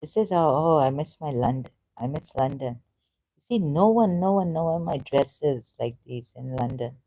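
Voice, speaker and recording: A woman's voice: low-pitched, expressive, moderate pace, mellow, poor audio. A woman on a live stream giving rambling, impassioned commentary, repeating herself and firing rhetorical questions at her viewers.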